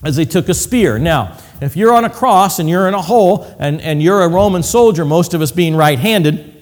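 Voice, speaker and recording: A man's voice: on the high side, lively intonation, normal speed. A man preaching a sermon with slides, vivid and hands-on, acting out cries and whispers and adding medical detail. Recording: long hall reverb.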